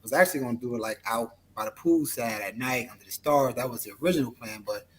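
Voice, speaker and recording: A man's voice: mid-range voice, fast talker. A man as an interview guest, telling a story in a laid-back, rambling way full of fillers. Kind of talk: casual storytelling.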